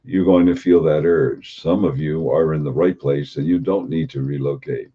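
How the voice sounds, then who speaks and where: Very deep husky man, spiritual talk. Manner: unhurried, repeats rhetorical questions. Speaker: spiritual teacher. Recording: dull lo-fi recording.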